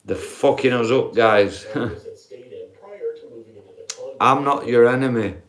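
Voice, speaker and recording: Slow-talking profane man. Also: mid-range voice. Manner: profane, laughs at own points, addresses viewers as guys. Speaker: live streamer. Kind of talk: ranting live-stream monologue.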